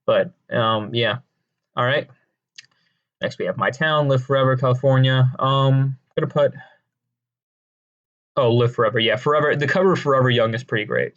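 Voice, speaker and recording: A man rambles through casual deadpan commentary, trailing off into fillers and restarting his sentences. His voice sits at an ordinary middle pitch. The recording sounds a little dull and lo-fi. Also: normal speed. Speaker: video creator ranking songs.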